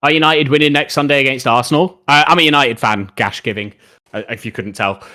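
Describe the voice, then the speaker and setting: A man's voice: mid-range voice, a little fast, sharp tone. A young man streaming live, chatting casually about football and answering viewer questions in a rambling, opinionated way.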